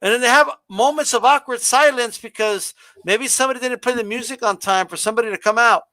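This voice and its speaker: A man's voice: extremely high pitch, quick pace, sharp tone, no echo. A man co-hosting a casual wrestling debate, talking animatedly with lots of "like" and "bro" and mocking stiff scripted delivery.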